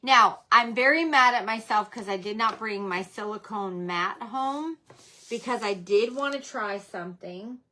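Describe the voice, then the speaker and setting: A woman's voice: mid-range voice, unhurried, sharp tone, slight background noise. A middle-aged woman hosting a casual crafting livestream from home, chatting about her supplies, scolding herself for forgetting things and greeting viewers by name.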